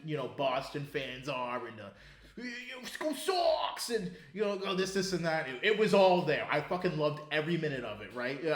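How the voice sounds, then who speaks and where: A man's voice: fairly high pitch, reverberant. A man co-hosting a podcast, talking about sports in a loose, profane way, full of restarts. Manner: animated, profane, rambling with restarts. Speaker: podcast co-host. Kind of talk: casual sports chat.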